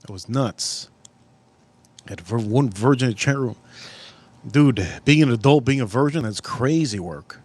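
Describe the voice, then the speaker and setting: A man hosting a live cooking stream outdoors at a grill, talking in a casual, profane way with sudden loud exclamations. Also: medium pitch, expressive, unhurried, long pauses, husky.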